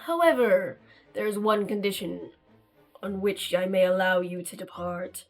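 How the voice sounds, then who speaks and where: A woman voicing a menacing male emissary from a dark realm, speaking in slow, ominous, drawn-out threats. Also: mid-range voice, faint music behind, pitched below the performer's own voice, lightly acted.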